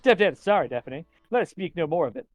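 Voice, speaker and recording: A man's voice: a little high, lively intonation, quick pace, dry recording, faint music behind. A man bantering playfully, talking about himself in the third person in a mock-solemn way. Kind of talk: playful role-play banter.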